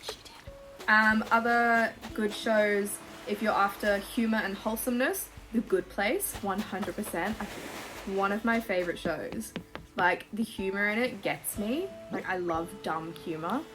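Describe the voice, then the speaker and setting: A young woman with an Australian accent chats casually through a Q&A while she plays a game. Her talk is animated and gushing, peppered with swearing and filler words. Music plays clearly under her voice. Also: medium pitch, measured pace. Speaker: YouTuber. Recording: music playing behind.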